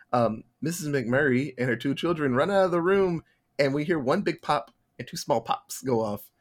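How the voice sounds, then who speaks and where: A young male podcast host chatting loosely through a movie's story. His voice sits a touch higher than most men's, and his delivery is relaxed and peppered with curse words. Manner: laid-back, swearing, acts out characters' lines. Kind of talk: casual chat retelling a film plot.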